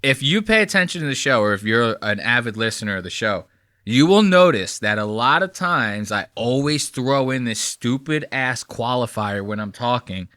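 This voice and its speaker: A man's voice: medium pitch, expressive, moderate pace, pushed and bright, no room sound, studio quality. A man hosting a podcast in casual chat, self-mocking and swearing freely. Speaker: podcast host.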